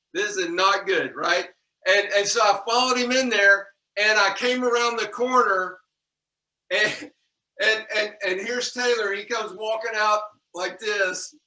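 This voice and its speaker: High bright voiced guy giving a pep talk on leadership, folksy, says y'all a lot, echoey room far from the mic. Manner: folksy, energetic, repeats himself, addresses audience as y'all. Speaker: leadership trainer. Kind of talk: motivational talk to staff.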